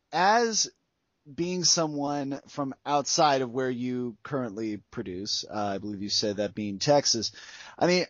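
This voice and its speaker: Male interviewer, hesitant and halting, dry muffled lo-fi audio. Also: medium pitch, no echo. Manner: halting, hesitant questions full of fillers. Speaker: interviewer, host. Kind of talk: interview questions.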